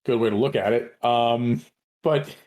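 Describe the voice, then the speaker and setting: Earnest, halting podcast co-host. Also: male voice, medium pitch, darkish tone. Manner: earnest, hesitant, many restarts. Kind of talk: casual chat.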